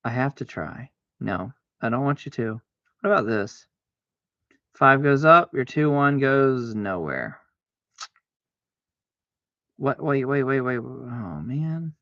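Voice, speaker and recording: Slow gravelly man arguing with himself. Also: mid-range voice, no echo, muffled recording. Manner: argues with himself aloud, bursts of excited exclamations. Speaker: livestreamer playing solitaire. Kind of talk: casual self-talk while gaming.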